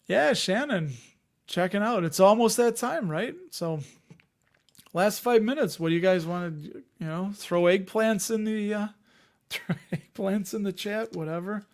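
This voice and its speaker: A man with a fairly high voice talks casually on a live stream. He rambles, restarts his sentences and answers comments from the chat as he goes. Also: a little slow. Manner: rambling, conversational, reads chat comments aloud. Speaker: host of a dividend investing live stream.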